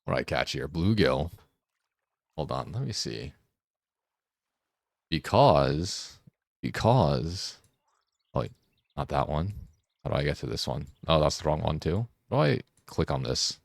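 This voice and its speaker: A man streaming a game, chatting casually, joking and laughing often, and getting excited as he rambles. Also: rumbling low, unhurried, creaky, long pauses, no room sound, clean studio sound. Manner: gets excited and rambling when riffing. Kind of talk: casual live-stream chat while gaming.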